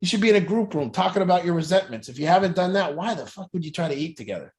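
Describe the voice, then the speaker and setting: A man's voice: high voice, lively intonation, racing. A man who works as an addiction recovery coach, talking bluntly and intensely about truth in families and swearing often. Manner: profane, intense, preachy. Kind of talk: blunt motivational talk.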